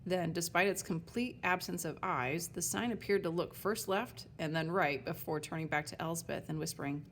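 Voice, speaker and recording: Woman, storybook narration, lowish voice, even and clear, faint hiss behind. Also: normal speed, few pauses. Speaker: audiobook narrator.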